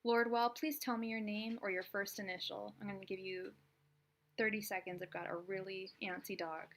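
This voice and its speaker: A young woman hosting a live tarot stream, hurried and distracted as she talks to viewers, murmuring low incantations over the cards from a small room at home. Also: fairly even intonation, fairly bright tone. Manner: hurried and distracted, pausing to talk to her dog.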